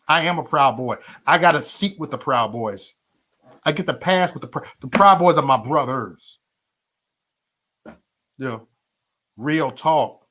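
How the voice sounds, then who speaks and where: A man hosting a livestream rants heatedly and profanely at his viewers in a fairly high-pitched, sharp voice. He repeats himself for emphasis and stammers through restarts.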